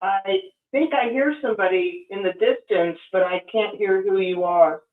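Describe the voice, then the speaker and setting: A woman's voice: mid-range voice, normal speed, roomy sound, phone-quality sound. A woman hosting a live call-in show, talking in a motherly way to her callers. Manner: motherly, calls people dear and sweetheart. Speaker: host.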